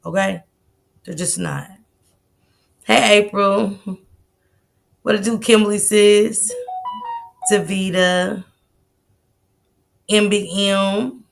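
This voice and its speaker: A woman hosting a casual livestream, greeting viewers by name in relaxed, slangy banter. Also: medium pitch, gravelly. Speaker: livestream host.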